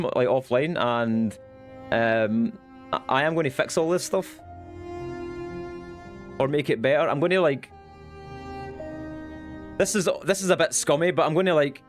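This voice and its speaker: A young Scottish man chatting casually on his live stream, rambling and swearing now and then. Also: medium pitch. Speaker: Twitch streamer.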